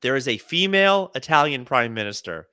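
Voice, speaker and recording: A man's voice: medium pitch, brisk, clean tone, dry recording, studio quality. A man co-hosting a comedy podcast, telling news stories in casual chat and acting out the quotes. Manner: animated storyteller, acts out quotes. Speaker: podcast co-host.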